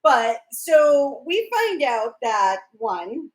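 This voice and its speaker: A woman's voice: sits high, sing-song, extremely slow, roomy sound, poor audio. A woman co-hosting a casual fan discussion livestream, chatty and recapping scenes with quoted lines. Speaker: podcast co-host.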